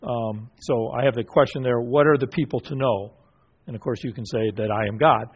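A husky mid-range voice comes through a muffled recording. The man is running a Bible study, questioning the group and affirming responses, his speech broken by frequent fillers and restarts.

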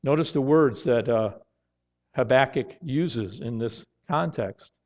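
A man preaching a sermon in an earnest tone, now and then rising to loud, emphatic outbursts. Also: medium pitch, takes it slowly. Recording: dull lo-fi sound.

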